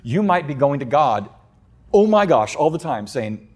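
A man preaching a sermon, animated, acting out quoted voices in loud high bursts and dropping to a soft, quiet delivery on key points. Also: moderate pace, breathy edge. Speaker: pastor.

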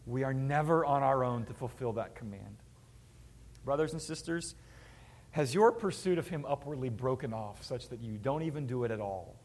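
A man's voice: mid-range voice, animated, moderate pace, darkish tone. A male pastor delivering a sermon to his congregation in an earnest, emphatic preaching manner.

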